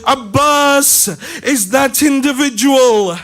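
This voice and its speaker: High-voiced man chanting a sermon. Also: fairly bright tone, soft background music. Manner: slow, chanting, at times sung. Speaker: preacher. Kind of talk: emotional sermon storytelling.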